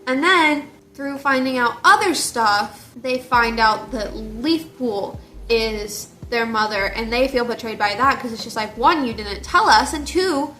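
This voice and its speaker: A young woman casually retelling a book series, animated and jokey. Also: fairly high pitch, a little slow. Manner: animated, gushing, jokey storytelling. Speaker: book reviewer. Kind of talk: casual chat.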